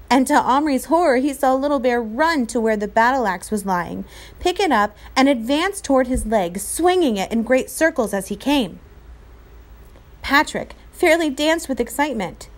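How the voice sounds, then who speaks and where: A woman teacher reading a novel aloud to her class, clear and expressive. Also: fairly high pitch, normal speed.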